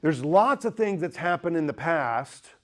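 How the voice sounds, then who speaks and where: Brief: male speaker, lively lecture style, quizzes the room, cracks jokes. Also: fairly high pitch, measured pace. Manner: lively, joking, asks the audience questions. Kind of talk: apologetics lecture.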